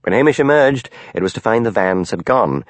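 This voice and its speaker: A man reading an audiobook in measured storytelling narration. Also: fairly low pitch, animated, dry recording.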